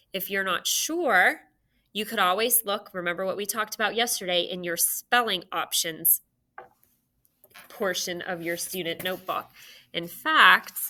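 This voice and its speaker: A woman teaching a recorded phonics lesson to children, sounding out letters slowly and clearly into a computer mic. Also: mid-range voice, bright, forceful tone. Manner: slow, clear teacher talk with drawn-out sounds.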